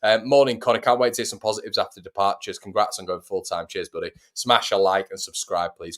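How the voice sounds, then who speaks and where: A man's voice: lowish voice, fairly even intonation, quick pace, few pauses, a bit bright. A young man, casually hosting a live stream from home, chatting and answering viewer messages. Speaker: host of a fan channel.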